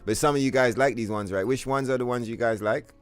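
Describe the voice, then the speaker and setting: Brief: male streamer, mid-pitched voice, swearing freely and ranting to chat. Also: fast, smooth, faint music behind. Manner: profane, animated ranting. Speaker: game streamer. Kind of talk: casual live-stream chat.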